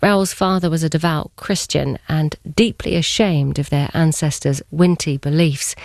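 A woman presenting a radio programme, reading a scripted narration with clear storytelling delivery. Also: sits low, a little mellow, dry recording, studio quality.

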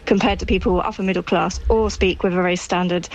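A woman from Essex with a softened Essex accent, a researcher speaking as a radio guest in an earnest, reflective way. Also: lowish voice, fairly even intonation, fast talker, low-quality recording. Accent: toned-down Essex. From Essex, England. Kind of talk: radio discussion.

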